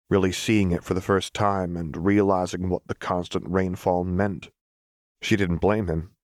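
A man reading a fan-fiction story aloud as narrator, measured and even. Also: low voice, dry recording, studio quality. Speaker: audiobook reader. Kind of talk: scripted narration.

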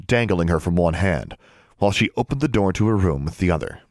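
A man narrating an audiobook in an expressive storytelling manner. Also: deep voice, brisk, no room sound, studio quality.

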